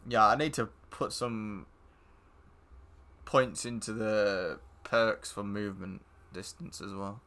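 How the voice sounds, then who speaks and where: A man's voice: on the low side, fairly even intonation, slow, a bit bright. A man streaming a game live, giving casual commentary full of blunt, profane banter.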